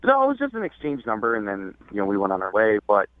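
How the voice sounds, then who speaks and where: A man's voice: lowish voice, huge pitch swings, quick pace, no echo. A man calling in to a radio show, telling his story hesitantly with many fillers and restarts. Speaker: caller. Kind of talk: phone call to a radio show. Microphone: phone. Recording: phone line, dry.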